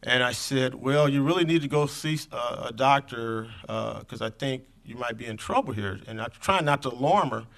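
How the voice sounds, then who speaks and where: A man's voice: medium pitch, moderate pace, hardly any pauses, fairly bright tone. A middle-aged man speaking at a conference, telling a personal story in an earnest, conversational way that drifts off his script. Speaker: conference speaker on infant health programs.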